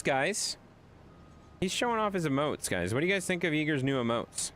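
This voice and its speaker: A man's voice: a little high, big pitch swings, moderate pace, a bit bright, slight background noise. A male gaming streamer in casual live-stream chat, telling a rambling story and talking to his viewers.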